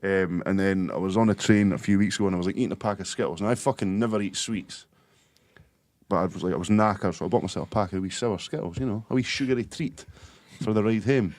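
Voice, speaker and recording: A man's voice: low voice, quick pace, a little mellow, dry recording. A young Scottish man co-hosting a podcast, chatting casually, laughing through his stories and using local slang. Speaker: podcast co-host. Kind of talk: casual chat.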